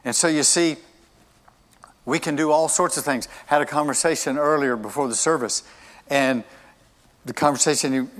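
A man's voice: on the high side, moderate pace, pauses often, fairly bright tone. Emphatic preacher man in reverberant hall. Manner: emphatic, repeats key phrases. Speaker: pastor. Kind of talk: sermon. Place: church service.

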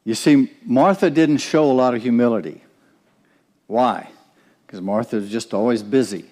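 A man's voice: mid-range voice, normal speed, warm tone, in a large hall. Earnest man preaching a sermon. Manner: earnest, asks the congregation questions.

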